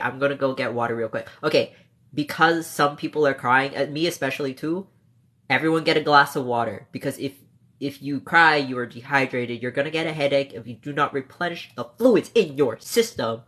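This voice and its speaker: A young man streaming live, emotional and close to tears, talking to his chat with laughs and restarts. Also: mid-range voice. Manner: emotional, tearful, laughing between words; reads chat comments aloud softly.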